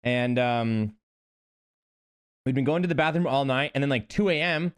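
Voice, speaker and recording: A young man, a podcast co-host, telling an animated, laugh-prone story in casual chat. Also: medium pitch, normal speed, clean tone.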